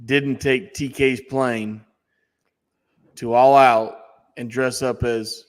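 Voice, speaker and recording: A man's voice: medium pitch, steady tone, takes it slowly. A man co-hosting a wrestling podcast, talking bluntly and swearing freely in casual chat. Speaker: podcast co-host. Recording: long echoey reverb.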